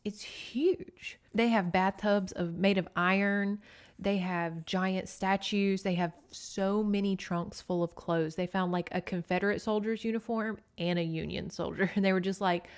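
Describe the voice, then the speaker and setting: Gal podcast host, casual recap, cussin and laughin as she goes. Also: medium pitch. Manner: chatty, profane, laughing asides.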